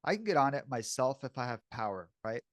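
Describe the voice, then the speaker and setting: This is a man co-hosting a podcast in a loose, candid way. His voice sits at a middle pitch. The mic picks him up close, and the sound is dry with no room to it. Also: big pitch swings, brisk, no room sound. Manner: casual and candid, says "bro" and "dude" often. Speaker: podcast co-host. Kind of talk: casual podcast chat.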